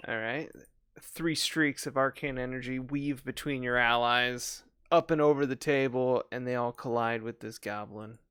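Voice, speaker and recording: A man's voice: medium pitch, steady tone, normal speed, a bit bright, smooth, dry recording, clean studio sound. A man narrating as game master for a tabletop game, describing the action and clarifying the rules.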